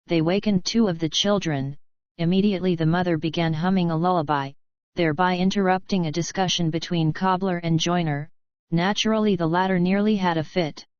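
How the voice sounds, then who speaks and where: A woman narrating a classic novel as an audiobook reader, in measured, even storytelling, in a dry, slightly dull recording. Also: fairly low pitch, smooth, no echo.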